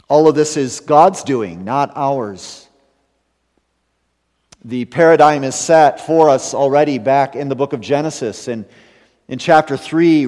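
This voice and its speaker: Man, preacher, evening sermon, unhurried delivery, emphatic rises, hushed endings, long hall reverb. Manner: measured preaching that swells to emphasis and drops to hushed low endings. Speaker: pastor.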